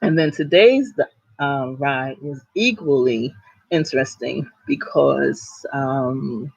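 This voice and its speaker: A woman's voice: extremely low pitch, slow pace, creaky, darkish tone, slightly rough, no room sound, poor audio. A woman from Newark, New Jersey, casually telling her followers stories, chatty, with frequent laughs and ums. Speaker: author and vlogger.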